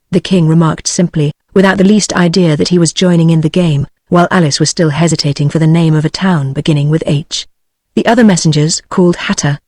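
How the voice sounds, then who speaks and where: A text-to-speech voice narrating a storybook audiobook, with a flat synthetic delivery. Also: mid-range voice, brisk, no room sound.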